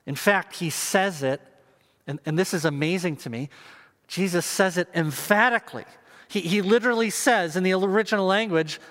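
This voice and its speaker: A man preaching a sermon to viewers, earnest and measured, with pauses and emphatic repetition. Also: sits high, a bit bright, long reverb tail. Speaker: pastor.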